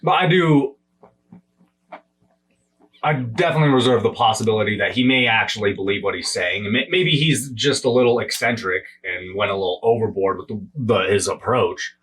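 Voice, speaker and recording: A man co-hosting a podcast in casual debate chat, measured and careful not to accuse anyone. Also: lowish voice, fairly bright tone. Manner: measured, cautious, fair-minded. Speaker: podcast co-host. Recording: distant mic with faint hum.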